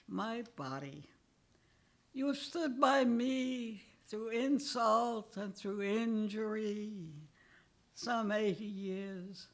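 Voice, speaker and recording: An older woman poet giving a poetry reading, deliberate and measured, with chuckles between poems. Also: mid-range voice, gravelly.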